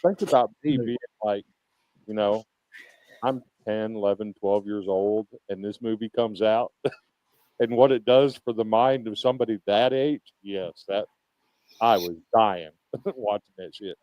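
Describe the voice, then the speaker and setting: A man's voice: lowish voice, measured pace, highs cut off. A man in his fifties co-hosting a casual podcast, recommending films with earnest emphasis. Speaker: podcast co-host.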